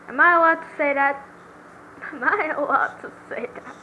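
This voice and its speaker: A woman's voice: sits high, a little slow, pauses often, highs cut off, slight background noise. A young woman reading through a game, making playful, giggly asides as she plays. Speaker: gamer. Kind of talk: casual playthrough commentary.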